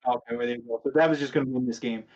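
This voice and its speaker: A man's voice: medium pitch, steady tone, racing, darkish tone, lo-fi sound. A man hosting a casual gaming podcast, reading news items aloud and asking co-hosts questions, with a sarcastic streak. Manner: chatty, sarcastic, leads the discussion. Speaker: podcast host.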